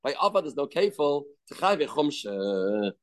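A man's voice: a little high, sing-song, measured pace. A man teaching a daily Talmud class, explaining step by step, putting questions and answering them himself. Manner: mixes English with Hebrew and Aramaic terms.

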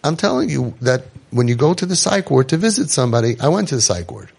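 A man's voice: mid-range voice, very animated, fast talker, vocal fry, darkish tone, slightly rough. A man giving an inspirational talk to an audience, telling stories with jokes and acting out the people he quotes. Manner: joking, acts out quoted people. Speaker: inspirational speaker.

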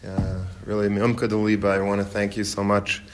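A man addressing a gathering of guests, pausing often with fillers, then teaching from religious texts. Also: on the low side, completely flat delivery. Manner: halting, many fillers. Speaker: speaker at a community gathering.

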